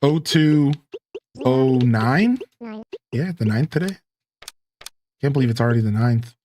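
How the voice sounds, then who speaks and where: There's a little hiss or hum as a man streams a modded life-sim game, talking in an unhurried, mid-range voice. He chats casually and slangily to his viewers and to himself.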